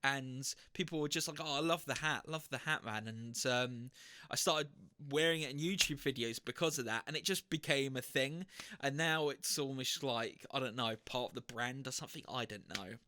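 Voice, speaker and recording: A man answering viewer questions in a casual storytelling Q&A, animated and acting out the people in his anecdotes. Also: medium pitch, moderate pace.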